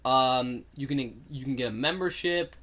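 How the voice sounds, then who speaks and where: Bright young man rambling storyteller. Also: mid-range voice, moderate pace. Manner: rambling, lots of "like" and "um", acts out quotes. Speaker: storyteller in a casual podcast chat. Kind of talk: casual chat.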